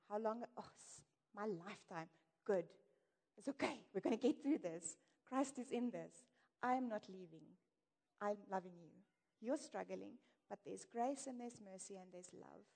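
A woman preaches in an earnest, candid and conversational way, her voice dark and mellow. Her talk carries a long reverb, as if from a large hall. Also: mid-range voice. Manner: earnest, warm-hearted and candid, with light laughs. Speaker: church speaker. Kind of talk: conversational sermon.

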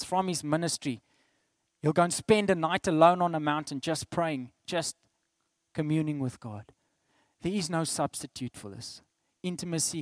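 A middle-aged South African man delivers a sermon in a slightly high voice. He swings between loud, emphatic declarations and hushed asides. The sound is dry, with little room echo. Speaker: pastor.

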